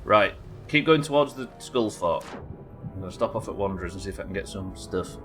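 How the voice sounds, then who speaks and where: A man's voice: low-pitched, expressive, fairly quick, faint music behind. A young man streaming a pirate game live, chatting with viewers and swearing casually. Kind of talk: live game commentary reading chat.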